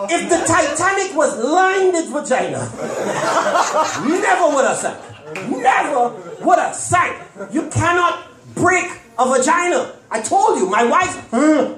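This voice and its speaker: Guy doing crude standup, super high lively voice, echoey club, crowd cracking up. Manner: brash, animated, crude punchlines. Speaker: stand-up comedian. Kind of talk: stand-up comedy set. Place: comedy club bar, live audience.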